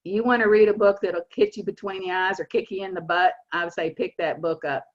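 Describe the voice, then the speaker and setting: A woman's voice: lowish voice, steady tone. A woman in her sixties with a Southern accent, giving an earnest, emphatic motivational talk to her team on a video call. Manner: earnest, emphatic, stresses key words slowly. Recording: muffled lo-fi video call audio.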